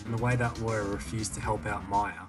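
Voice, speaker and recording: A man's voice: fairly low pitch, level tone, a little fast, lightly acted. A man reading an earnest young lawyer. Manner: reads dialogue boxes aloud in his own voice. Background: video game music.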